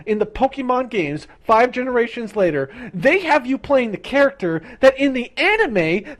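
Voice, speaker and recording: Young streamer ranting profanely to chat. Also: mid-range voice. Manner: profane, repeats words, stumbles over restarts; acts out characters in quick impressions. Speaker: livestreamer talking to chat. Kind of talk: rambling casual rant.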